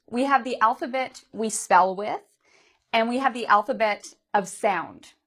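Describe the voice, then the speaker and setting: A woman with a mid-pitched voice teaches a pronunciation lesson. She talks patiently, models each vowel slowly and clearly, and keeps asking her learners questions about what they see and hear. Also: fairly bright tone.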